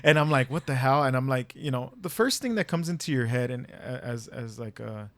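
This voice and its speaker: A young man on a podcast, telling a story in a casual, animated way, laughing and swearing as he goes. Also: medium pitch, fairly quick, dry recording, clean studio sound. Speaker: podcast co-host.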